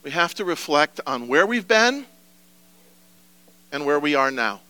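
Male pastor, earnest sermon delivery, high tenor, crisp and bright, dry room. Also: sing-song, a little slow, no room sound. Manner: earnest, preacherly, rising to emphatic pleas.

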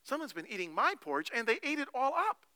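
A small, whiny baby bear who complains in a high squeak, as a male preacher puts him on. The voice is very bright and jumps around in pitch, close and dry. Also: sing-song, fast talker, clean tone, dry recording, exaggerated voice.

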